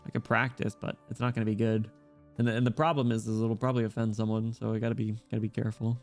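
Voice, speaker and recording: A man's voice: fairly low pitch, little pitch movement, quick pace, vocal fry, soft background music. Joking male game streamer. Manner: joking, crude, laughs easily. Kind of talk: casual gaming commentary with read-aloud dialogue.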